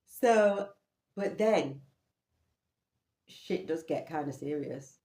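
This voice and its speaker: A woman telling a personal story in an animated, incredulous way, often laughing. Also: sits low, extremely slow, long pauses. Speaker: vlogger. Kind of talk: storytelling monologue. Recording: roomy echo.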